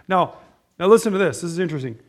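Very fast and animated, a middle-aged male pastor with a fairly high voice tells stories in a casual sermon, rambling to his congregation, restarting sentences and tossing in asides.

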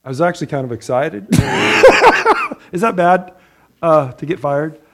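A man's voice: a little high, normal speed. A man preaching a conversational sermon as a pastor, chatty and joking, often checking in with the room with "right?". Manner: chatty, asks the room "right?", laughs at own jokes.

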